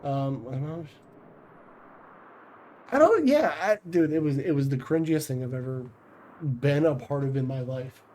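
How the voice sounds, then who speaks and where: A man's voice: medium pitch, animated, unhurried, long pauses, mellow, poor audio. A man chatting casually on a livestream, blunt and profane, rambling with restarts. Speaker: streamer.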